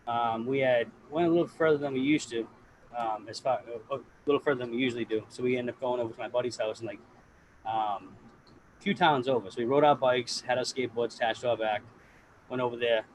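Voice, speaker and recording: A man's voice: medium pitch, steady tone, fast talker, a little hiss or hum, poor audio. A man from the US East Coast, a guest grower on a casual podcast, telling stories with plenty of swearing and quoted dialogue. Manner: swears often, tells stories animatedly.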